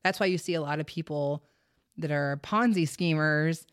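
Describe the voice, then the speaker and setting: A woman's voice: sits low, moderate pace, clean tone, dry recording, studio quality. A woman hosting a true crime podcast, telling the story in casual, chatty talk full of fillers and the odd swear word. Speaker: podcast host.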